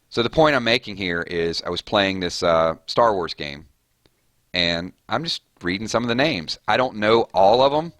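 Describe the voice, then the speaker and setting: Male gaming streamer, lowish bright voice, rambling and chatty, dry close sound. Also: dry recording. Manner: rambling, off on tangents. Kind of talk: casual chat while streaming.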